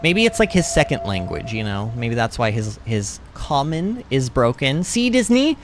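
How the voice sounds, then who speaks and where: A man's voice: mid-range voice, very animated, moderate pace, noisy background. A man casually chatting as he streams a game, reading chat aloud and laughing often. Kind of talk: casual gaming commentary.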